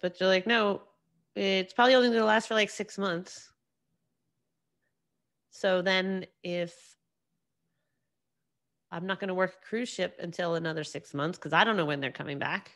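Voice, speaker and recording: एक युवा महिला होस्ट, जो अकेले बैठकर अपने पॉडकास्ट पर बिखरी-बिखरी बातें करती है, बार-बार वाक्य अधूरे छोड़कर फिर से शुरू करती है और खुद पर ही हँसती है।. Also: female voice, lowish voice, moderate pace, pauses often, a bit bright. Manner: rambling, self-deprecating, many restarts. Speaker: podcast host. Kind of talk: casual solo monologue.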